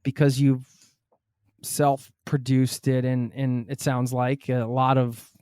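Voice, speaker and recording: A man's voice: medium pitch, little pitch movement, slow, dark tone, clear, resonant tone, no echo, studio quality. A man hosting a podcast, talking in an easygoing, conversational way and thinking aloud as he goes. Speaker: podcast host. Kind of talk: casual interview chat.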